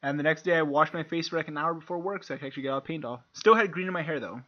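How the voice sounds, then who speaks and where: A man's voice: a little high, racing, bright, forceful tone. A man co-hosting a podcast, telling stories in casual chat, swearing freely and laughing as he goes. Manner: profane, laughs through his stories. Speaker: podcast co-host. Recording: dull lo-fi podcast audio.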